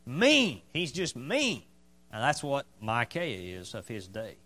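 A man's voice: mid-range voice, huge pitch swings, slow, sharp tone. A man pastor preaching a sermon emphatically, repeating his points for stress.

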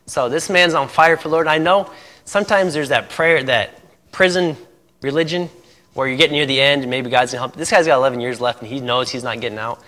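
A man preaching, telling a lively testimony story to a congregation, laughing often and acting out dialogue. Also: mid-range voice, a little fast. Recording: echoey hall.

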